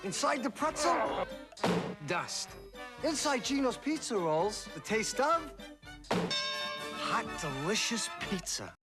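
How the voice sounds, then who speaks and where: Man doing a breathy, high, hushed mock-unboxing voice. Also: big pitch swings, takes it slowly, long pauses, loud music behind the voice, full character voice.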